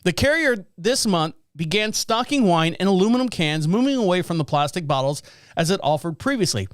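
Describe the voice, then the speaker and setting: A man's voice: high voice, expressive, brisk, no room sound, studio quality. A man hosting a podcast, riffing sarcastically and rambling over news stories. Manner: sarcastic, rambling, laughs at own jokes. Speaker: podcast host. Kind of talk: casual news commentary.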